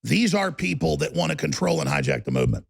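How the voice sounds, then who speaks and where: A man's voice: a little high, wildly swooping pitch, quick pace, creaky, breathy edge. A man hosting a talk show, delivering a heated, combative monologue in a mocking tone.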